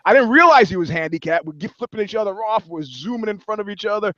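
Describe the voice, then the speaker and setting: A male podcast co-host in casual banter, telling lively stories and acting out the people in them. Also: high voice, fast, slight background noise. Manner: animated storyteller, acts out quotes. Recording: dry, slightly dull sound.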